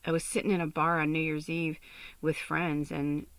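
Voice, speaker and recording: A woman's voice: low voice, flat delivery, moderate pace, smooth, dry recording. A woman from Chicago hosting a podcast, telling her own story in a candid, rambling way, full of fillers and casual swearing. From Chicago, USA. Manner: rambling, confessional, lots of "like" and "you know", swears freely. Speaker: podcast host and spiritual medium.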